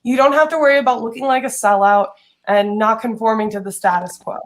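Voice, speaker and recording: A woman with a somewhat high voice, talking in a relaxed podcast chat. She is chatty and laughs easily as she gives her advice. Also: fast. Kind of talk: casual chat.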